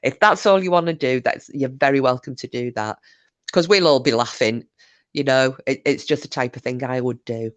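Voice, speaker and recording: A woman's voice: very deep voice, moderate pace. A Scottish woman hosting a casual livestream, reading viewers' comments aloud and chatting back in a teasing, chatty way with mild swearing. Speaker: livestream host.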